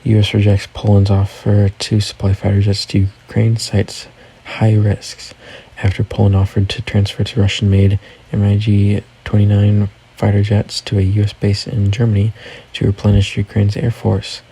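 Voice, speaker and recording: Man with a low, gravelly voice reading news. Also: completely flat delivery, normal speed, hardly any pauses, warm tone, low-quality recording. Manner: reads headlines, then adds offhand personal comments. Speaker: news recap host. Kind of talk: casual news recap reading. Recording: faint background noise.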